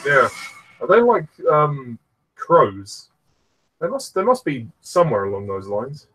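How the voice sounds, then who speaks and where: A man's voice: mid-range voice, big pitch swings, a little slow, fairly bright tone, slight background noise, poor audio. A man giving easygoing film commentary, often hesitating and using fillers.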